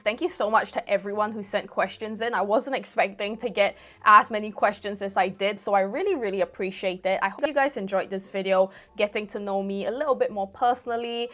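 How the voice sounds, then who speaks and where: A woman's voice: mid-range voice, bright, forceful tone. A young woman golf vlogger chatting casually to camera, rambling a little and thanking her viewers. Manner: chatty, repetitive, thankful sign-off.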